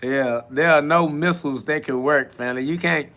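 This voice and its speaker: A man's voice: on the high side, moderate pace, fairly bright tone. Laughing, mocking man ranting on a live stream. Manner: laughing, mocking, profane, preachy. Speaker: podcast host reading live comments. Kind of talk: live-stream self-talk rant.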